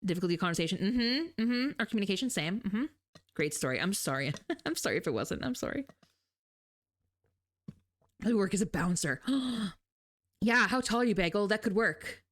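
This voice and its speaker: A woman's voice: mid-range voice, lively intonation, normal speed, long pauses. A young adult woman, streaming and chatting casually with her viewers, telling stories animatedly and laughing often. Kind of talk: casual chat with live chat.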